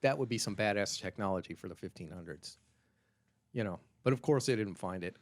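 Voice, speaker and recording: A man co-hosting a podcast, wryly and irreverently retelling a dark story in casual chat. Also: lowish voice, lively intonation, fairly quick. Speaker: podcast co-host.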